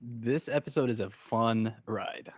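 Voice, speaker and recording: A man co-hosting a casual podcast, relaxed and a bit hesitant as he chats. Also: medium pitch, measured pace, husky, dry recording. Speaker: podcast co-host.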